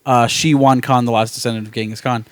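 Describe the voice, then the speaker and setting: A man's voice: medium pitch, fairly even intonation, quick pace, smooth, no echo, studio quality. A man co-hosting a casual movie podcast, enthusiastic and swearing often. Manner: enthusiastic, swears a lot, says "dude". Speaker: podcast co-host.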